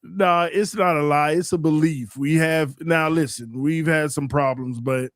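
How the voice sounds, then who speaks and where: A man with a fairly high voice chats about football on a loose roundtable show. He laughs often and defends his team with playful stubbornness. The sound is dry and close. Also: steady tone, measured pace, no echo. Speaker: co-host, Dolphins fan. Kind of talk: casual sports roundtable chat.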